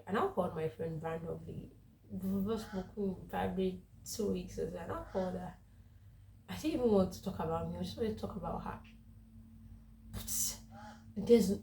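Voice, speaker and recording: Woman vlogging with a cold, low gravelly voice, rambly and laughing a lot, echoey room, bit far from the mic. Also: lively intonation, normal speed, darkish tone, a little hiss or hum. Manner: candid, rambling, laughs often. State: congested with a cold. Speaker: faith vlogger. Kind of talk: casual personal vlog.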